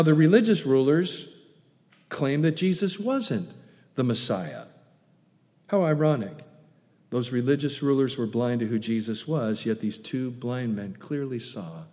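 A male pastor preaching a sermon, urging loudly one moment and dropping to soft, hushed asides the next. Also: fairly high pitch. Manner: emphatic, swings between loud urging and soft hushed asides. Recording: reverberant hall.

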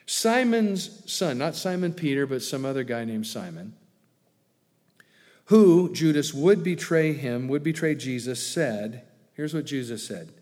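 A pastor preaching a sermon in a conversational way, with joking asides and acted quotes. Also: male voice, mid-range voice, lively intonation, unhurried, darkish tone, in a large hall.

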